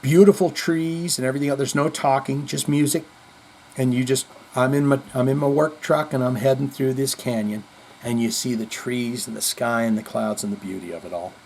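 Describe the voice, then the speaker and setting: A man's voice: medium pitch, steady tone, a little fast, creaky, a little mellow, slight background noise. A male show host telling jokes and rambling through a casual, profane comedy monologue. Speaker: podcast host.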